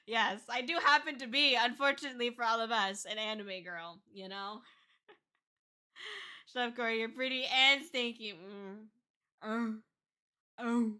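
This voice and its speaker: Young woman streaming, chatty and giggly, bright voice, sits a bit high. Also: unhurried, long pauses, clear, resonant tone. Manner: chatty, laughs often, swears casually. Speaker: VTuber streamer. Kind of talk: casual livestream chat.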